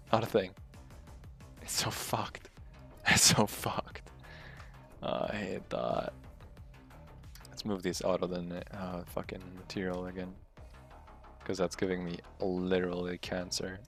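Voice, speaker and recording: A man's voice: deep voice, vocal fry. A man streaming live while coding, muttering, swearing and laughing at his own frustration. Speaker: livestreaming game developer.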